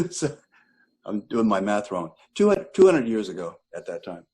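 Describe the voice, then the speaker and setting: Husky older man telling rambling stories. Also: on the low side, sing-song, moderate pace, warm tone, poor audio. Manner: chatty, rambling anecdotes with self-corrections. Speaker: retired choral director. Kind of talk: relaxed interview storytelling.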